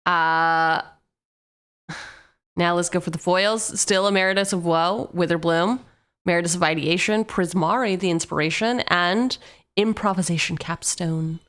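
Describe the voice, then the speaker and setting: A woman's voice: fairly low pitch, unhurried, fairly bright tone. A woman streamer chatting casually and joking as she opens card packs on a livestream. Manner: playful, jokey asides, sings snatches of song.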